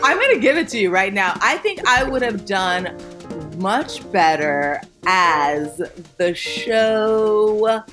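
A young woman talks as a guest on a casual podcast, her voice leaping up and down in pitch as she tells stories. She acts out the other people's voices, swears freely and laughs often. Faint music sits low under the conversation. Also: lively intonation, takes it slowly.

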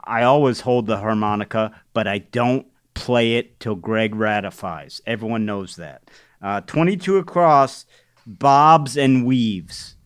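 A man's voice: lowish voice, measured pace, clear, resonant tone, no room sound, clean studio sound. Man telling stories in casual chat. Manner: storytelling, laughs often, animated when telling anecdotes. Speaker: podcast co-host. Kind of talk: casual chat about crossword puzzles.

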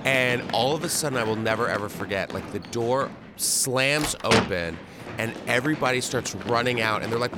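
A man casually telling a story in an animated way, acting out what people said. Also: mid-range voice, moderate pace, heavy background noise. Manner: animated, acts out quotes and sounds. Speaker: guest storyteller.

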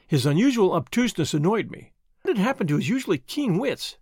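A man narrating a story in a measured, expressive way. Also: high voice, husky, dry recording, studio quality. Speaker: audiobook narrator. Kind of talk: scripted narration.

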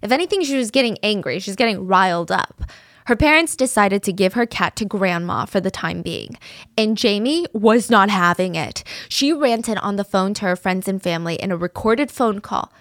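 A woman's voice: mid-range voice, lively intonation, normal speed, fairly bright tone, dry recording, clean studio sound. A woman podcast host narrating a true-crime story in a casual, chatty way.

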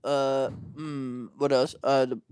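A man's voice: mid-range voice, little pitch movement, takes it slowly, a little mellow, clean tone, no room sound, clean studio sound. A young man co-hosting a podcast, joking playfully, laughing, and sometimes fumbling for words. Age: young adult. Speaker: podcast co-host. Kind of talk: casual chat.

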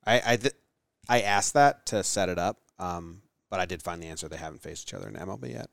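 A man's voice: sits low, very animated, fast, creaky, no room sound. A man co-hosting a casual sports podcast, reading stats and making dry, joking asides. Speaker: podcast co-host.

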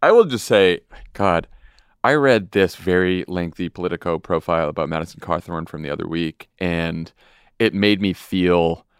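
A man's voice: low voice, normal speed, smooth, no echo, studio quality. A man hosting a podcast, talking politics in a conversational, wry way. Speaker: podcast host. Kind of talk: casual political chat.

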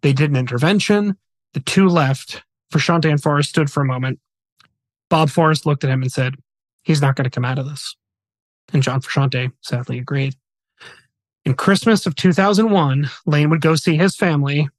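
A man's voice: fairly high pitch, dry recording. A man hosting a podcast, retelling a true story in a casual, earnest, conversational way. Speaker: podcast host.

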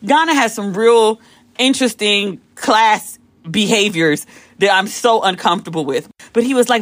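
An American woman hosting a podcast, telling a long casual story in an animated way, swearing freely and acting out the voices of people she quotes. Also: on the high side, moderate pace, no echo. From United States. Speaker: podcast host.

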